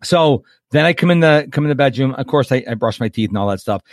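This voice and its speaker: A man hosting a live webinar as a coach, chatty and lively, acting out quotes and checking in with his listeners. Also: mid-range voice, fast talker, no echo, clean studio sound. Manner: chatty, animated, acts out quotes and checks in with "okay?".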